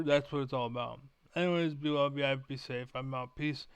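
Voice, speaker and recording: A man's voice: medium pitch, fairly even intonation, normal speed, hardly any pauses, clean tone, no room sound. A young man ranting profanely to camera as a gaming vlogger, repeating himself as he vents. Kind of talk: angry rant to camera.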